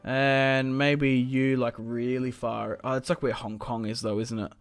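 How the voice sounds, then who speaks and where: A young man hosting a gaming channel, giving live strategy game commentary in an excitable, think-aloud way with many fillers. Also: medium pitch, unhurried, smooth, no echo, faint music behind.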